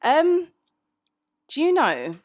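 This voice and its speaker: A woman's voice: sits high, wildly swooping pitch, drawn-out words, muffled recording. A woman in her thirties with a South London accent, chatting frankly from home as she answers listener questions, her speech full of ums. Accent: South London English. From England. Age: 30s. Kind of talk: casual chat.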